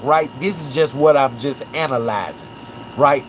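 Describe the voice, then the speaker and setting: A man's voice: a little high, moderate pace, slight background noise. A man from Memphis, hosting a casual livestream. He breaks down a case and keeps checking in with "right?" and "watch this". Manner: animated, repeats "right?" and "watch this". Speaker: livestream host.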